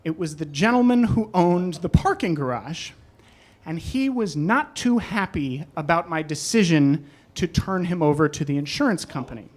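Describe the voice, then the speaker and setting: A man telling a personal story live on a club stage, animated and self-deprecating. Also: fairly high pitch, normal speed. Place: club stage in New York.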